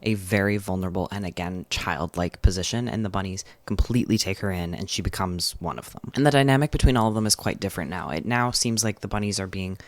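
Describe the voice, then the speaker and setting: A man recaps a novel for his book channel in a relaxed, chatty way, sprinkling in "like" as he goes. His voice sits a little low. The recording is dry and close, with no room sound. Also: quick pace, few pauses, dry recording. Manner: chatty, frequent "like" fillers, enthusiastic. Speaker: book vlogger. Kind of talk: casual book summary and review.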